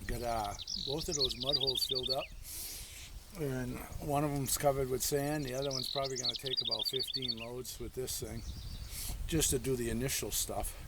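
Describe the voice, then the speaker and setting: A man's voice: mid-range voice, fairly even intonation, moderate pace, very noisy. A man hosting an off-grid homesteading vlog, chatting in a folksy way outdoors and full of country sayings. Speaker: homesteader, channel host. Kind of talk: casual outdoor vlog talk. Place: outdoors in the woods.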